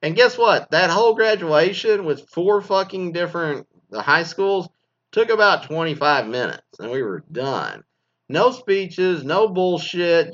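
This one sits high, with wide pitch swings and an unhurried, somewhat bright delivery over lo-fi audio. He's a former teacher from Texas, swearing a lot in a rambling, mocking rant about graduations.

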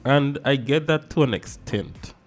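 A man in a casual discussion, animated and speeding up in bursts. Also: medium pitch, unhurried, faint music behind.

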